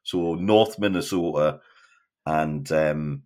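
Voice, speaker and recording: A man's voice: a bass voice, slow pace, darkish tone. A man speaking as a podcast guest, rambling in casual chat with many restarts.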